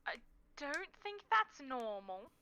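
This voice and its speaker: Lively high-voiced woman player. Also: takes it slowly. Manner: playful, teasing quips. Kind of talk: playing a tabletop game.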